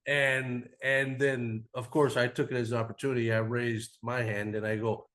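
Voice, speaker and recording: A man's voice: medium pitch, flat delivery, normal speed, few pauses, fairly bright tone. A man in his forties, a podcast guest, telling a travel story in a loose, rambling way full of "like" and casual swearing. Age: 40s. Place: cigar podcast studio.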